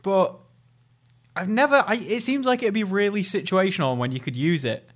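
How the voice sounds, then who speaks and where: Young male co-host, fairly high voice, giggly, animated storyteller. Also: moderate pace. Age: young adult. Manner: giggly, tells stories with animated quoted voices. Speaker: podcast co-host. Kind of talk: casual chat.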